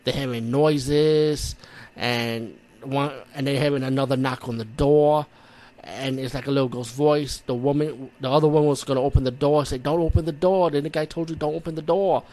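A man's voice: mid-range voice, normal speed. A man with a New York accent, from the Bronx, casually recapping a horror movie in a rambling, profane way, acting out his own reactions. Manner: rambling, profane, animated retelling with acted-out reactions. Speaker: movie reviewer.

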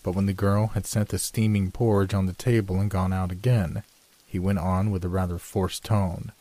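A man reading a classic ghost story aloud, in measured storytelling narration. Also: flat delivery, warm tone. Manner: measured storytelling, lifts pitch for dialogue. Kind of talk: scripted audiobook narration.

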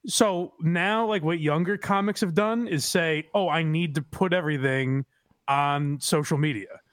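A man's voice: fairly high pitch, a little slow, no echo, studio quality. A man co-hosting a comedy podcast, giving blunt, profane commentary in casual chat. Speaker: podcast co-host.

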